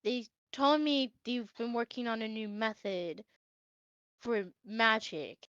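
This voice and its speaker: Brief: measured, subdued man, voiced by a woman; higher-set voice, lo-fi recording. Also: fairly bright tone, smooth, no room sound. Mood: earnest. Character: calm, measured male companion Haru. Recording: dull, dry lo-fi audio.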